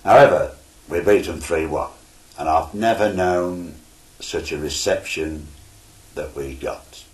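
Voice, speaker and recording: A man's voice: low voice, slow pace, darkish tone. An older man, a retired footballer, telling stories from his playing days in a formal storytelling manner. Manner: formal storytelling with quoted dialogue. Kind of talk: reminiscing oral history. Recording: roomy interview recording.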